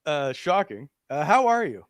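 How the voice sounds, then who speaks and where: Brief: relaxed male show host, filler-heavy ad reads, dry close voice. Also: fairly high pitch, unhurried, dry recording. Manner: loose and chatty, many "uh" fillers while reading ads. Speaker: podcast host. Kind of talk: casual chat and live sponsor reads.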